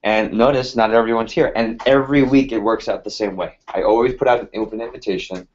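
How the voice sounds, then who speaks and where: A man's voice: mid-range voice, fairly even intonation, fairly quick, a little mellow. A man in his thirties leading a sales team workshop, talking casually and energetically and firing rhetorical questions at the room. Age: 30s. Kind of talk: motivational workshop talk. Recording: slightly muffled lo-fi sound.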